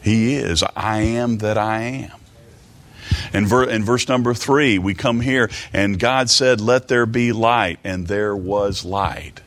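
A man teaching from the Bible in a sermon, halting and repeating words, slowing down for emphatic quotes of scripture. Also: lowish voice, fairly even intonation, a bit bright. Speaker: preacher.

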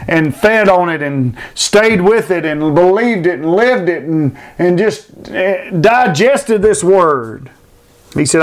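A man preaching a sermon, building fervent repeated phrases and reading scripture aloud. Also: fairly high pitch. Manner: fervent, repetitive emphatic preaching.

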